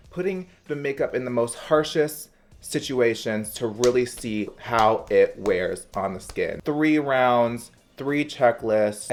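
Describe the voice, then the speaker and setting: Animated young man hosting a beauty vlog. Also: mid-range voice. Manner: animated, emphatic, playful. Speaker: beauty vlogger. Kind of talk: upbeat vlog intro.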